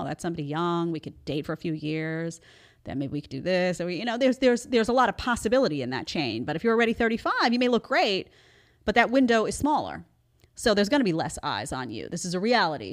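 Emphatic woman show host. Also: medium pitch. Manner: emphatic, conversational, talks straight to viewers. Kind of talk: live commentary show.

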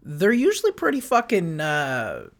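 Chill guy, kinda high voice, easygoing podcast chat. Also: huge pitch swings, measured pace, a bit bright. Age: late 20s or older. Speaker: podcast co-host, tattoo artist. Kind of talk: casual chat.

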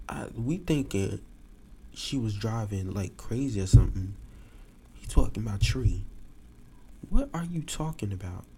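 A man telling a story to his podcast listeners in a casual, animated way. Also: lowish voice, a little hiss or hum. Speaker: podcast host.

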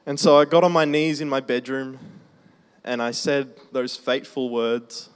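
A man preaching a testimony sermon in a conversational storytelling way, slowing down for emphasis. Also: mid-range voice, fairly even intonation, smooth. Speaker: preacher sharing his testimony.

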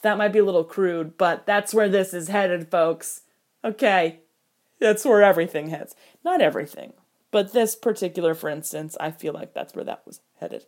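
Animated woman in casual film commentary. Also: lowish voice. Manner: animated, jokey, mock-outraged retellings; quoting characters in quick put-on voices. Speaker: film reviewer.

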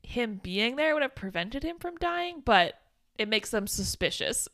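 Young woman, bright forceful voice, fairly high, podcast co-host, casual film recap, laughing often. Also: a little slow, vocal fry. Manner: animated, laughing, swearing freely.

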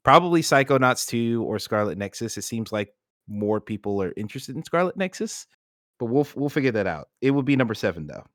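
A man's voice: medium pitch, big pitch swings, brisk, a bit bright, no room sound, studio quality. A man hosting a casual gaming podcast, swearing freely as he steers the group through its rankings. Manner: loose, profane, runs the ranking discussion. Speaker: podcast host.

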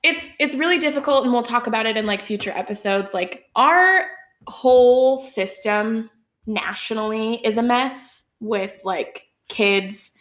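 A young woman co-hosts a casual podcast, talking with indignant energy and constant filler words. Her voice sits a little high and carries a noticeable room echo. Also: measured pace. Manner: animated, indignant, many fillers. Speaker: podcast co-host. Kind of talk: casual chat.

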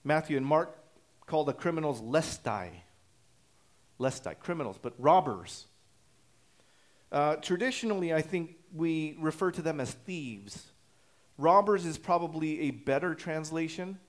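A man whose voice sits on the high side delivers an expository sermon as a pastor. He explains things in a measured teaching style, with many "uh" pauses and restarts.

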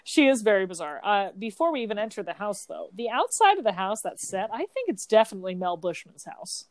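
A woman co-hosting a casual chat, her voice swooping lively up and down as she swears and laughs her way through opinions. The sound is dry and close, with no room around her. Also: medium pitch, fairly quick, no echo. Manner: animated, profane, laughs often. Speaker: podcast co-host.

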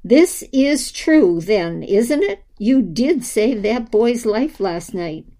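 A woman voicing a huge, towering male archangel who booms even when he tries to speak softly, in a storybook reading. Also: slow pace. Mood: gentle. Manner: booming, trying to speak softly.

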